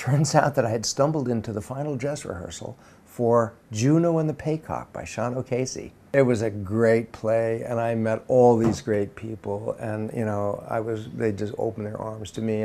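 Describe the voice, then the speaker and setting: A man's voice: medium pitch, moderate pace, gravelly. A man animatedly telling an anecdote in an interview, acting out the people he quotes. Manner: lively storytelling, acting out quotes.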